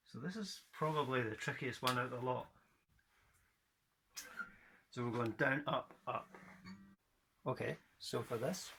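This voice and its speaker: A man's voice: medium pitch, vocal fry, fairly bright tone, slight background noise. A man from Scotland teaching a guitar rhythm lesson, counting in and chanting rhythm words in time.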